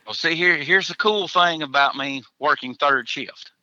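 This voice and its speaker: A man's voice: a little high, normal speed, bright, forceful tone, dry recording, muffled recording. A man, a hunter chatting as a podcast guest in a folksy, joking way, chuckling between answers. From Tennessee, USA. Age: 40s. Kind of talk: casual podcast interview.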